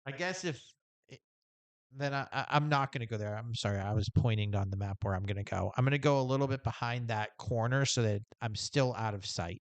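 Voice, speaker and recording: A man's voice: mid-range voice, brisk. A man playing in a tabletop game, speaking plainly and matter-of-factly. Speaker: player.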